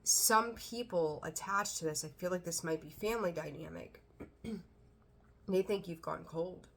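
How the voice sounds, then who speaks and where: A woman's voice: on the low side, unhurried, creaky, a bit bright. Chatty, blunt woman tarot reader. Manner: blunt and chatty, swears and laughs. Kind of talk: casual tarot reading monologue.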